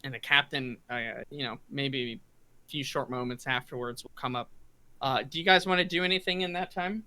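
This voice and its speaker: A man narrating as game master of a tabletop game, halting with restarts and throat clearing. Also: mid-range voice, sharp tone, dry recording.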